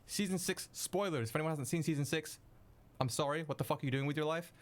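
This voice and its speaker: A young man streaming while he edits video, chatting casually with viewers, excitable and swearing freely. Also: on the high side, fast. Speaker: streamer editing video live. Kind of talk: casual live-stream chat.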